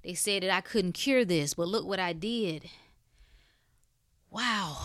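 A woman with a lowish voice delivers a preachy motivational monologue, emphatic and conversational. She swings between loud bursts and soft hushed stretches. The recording is close and dry, with no room sound. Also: slow, long pauses, no echo. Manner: casual speech with dropped words. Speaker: wellness speaker.

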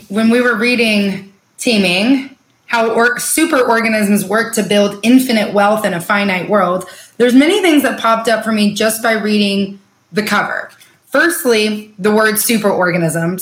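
A woman's voice: mid-range voice, unhurried, echoey room. A woman podcast host asking long, earnest, enthusiastic questions. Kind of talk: interview questions.

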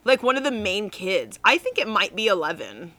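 Bright-voiced young woman chatting casually. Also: mid-range voice, big pitch swings, moderate pace, no room sound. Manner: chatty, swears freely, self-mocking jokes. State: hiccuping and burping. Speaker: podcast co-host. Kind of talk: casual chat.

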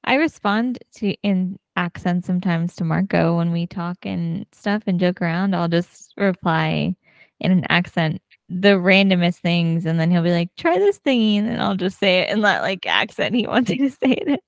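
An upbeat woman co-hosting a podcast, talking freely and laughing often. Her voice has a middling pitch. The sound is dry and close-miked. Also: normal speed, no room sound. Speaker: podcast co-host. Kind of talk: casual chat.

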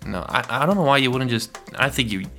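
A man's voice: medium pitch, expressive, fast, a bit bright, soft background music. A man co-hosting a podcast, chatting casually and laying out playful hypothetical scenarios. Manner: playful, rambling, poses hypotheticals. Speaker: podcast co-host.

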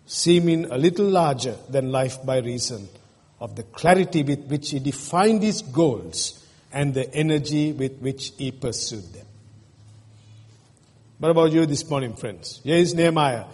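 A man's voice: fairly high pitch, slightly rough. A man preaching a sermon as pastor, earnest and emotional, asking his congregation questions. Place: church. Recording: long reverb in a church hall.

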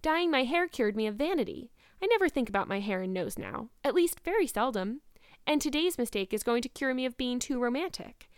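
A woman's voice: fairly high pitch, lively intonation, a little fast, clear, resonant tone, no echo, clean studio sound, pitched above the performer's own voice, natural voice. A woman doing a dramatic, spirited teen girl. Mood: earnest. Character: dramatic, imaginative teenage girl.

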